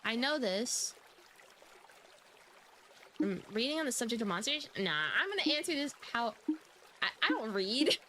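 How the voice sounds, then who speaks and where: A woman's voice: fairly high pitch, animated, normal speed, pauses often, sharp tone, slight background noise. A young woman casually streaming a horror game, giggling and reading the game's text aloud. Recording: game music behind.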